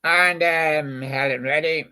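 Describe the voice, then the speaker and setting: A man's voice: on the high side, fairly even intonation, slow, pushed and bright, clean tone. A man in a rambling, casual monologue, reminiscing about old songs and chatting to a toy badger. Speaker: channel host.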